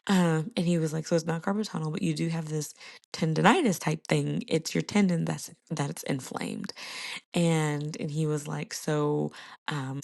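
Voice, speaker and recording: A woman's voice: deep voice, gravelly, a little mellow. A young woman hosting a casual solo podcast, chatting to listeners and laughing often. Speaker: podcast host.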